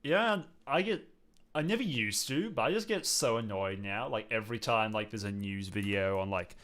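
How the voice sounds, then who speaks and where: A man's voice: lowish voice, animated, moderate pace, a bit bright. Giggly Australian man hosting a stream. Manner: giggly, says "oh dear" often, reads chat aloud. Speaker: show host. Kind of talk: casual livestream chat.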